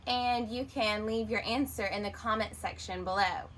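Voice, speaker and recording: A woman's voice: medium pitch, moderate pace, a bit bright, poor audio. A woman teacher reading a children's picture book aloud, expressively, and stopping to ask the listener questions.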